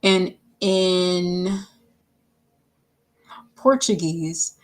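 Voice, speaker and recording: A woman's voice: fairly low pitch, flat delivery, very slow, long pauses. A woman who makes music, chatting casually on a livestream, rambling with lots of fillers, self-corrections and playful asides. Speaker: singer-songwriter livestreaming her work.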